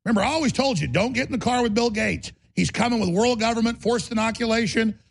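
A man's voice: very high-pitched, fast talker, vocal fry, slightly rough. A man hosting a talk radio show, delivering an emphatic, bellowing rant. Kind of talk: ranting talk radio monologue.

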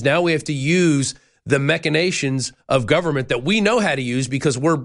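A man hosting a talk radio call-in show, speaking in energetic, fired-up quick bursts. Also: on the high side. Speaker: radio host.

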